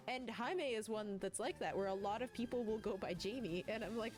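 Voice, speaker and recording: A woman's voice: a little high, a little fast, faint music behind. A woman streaming a game at home, chatting casually and rambling, often laughing while she reads chat aloud. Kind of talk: casual let's-play chat, reading chat aloud.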